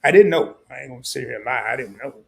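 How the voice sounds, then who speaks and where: This older man hosts a livestream, speaking at a quick pace in a medium-pitched, gravelly, expressive voice. The talk is casual, candid and somewhat rambling, with emotion showing through.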